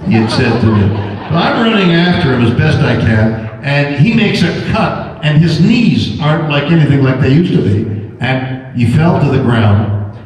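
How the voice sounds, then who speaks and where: An older man tells a rambling, jokey anecdote to a convention audience, stumbling over restarts. His pitch swoops widely as he builds up to the punchlines. The sound is distant and booming, as if caught from the back of a large hall. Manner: animated, repetitive restarts, jokey. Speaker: convention panel guest. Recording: echoey hall recorded from far back.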